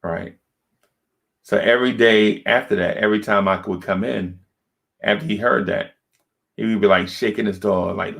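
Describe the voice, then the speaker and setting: A man with a low, gravelly voice telling a personal story on a podcast. He talks casually and keeps checking in with his listeners as he goes. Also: steady tone, moderate pace, long pauses, a bit bright. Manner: conversational, checks in with "right?". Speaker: podcast co-host.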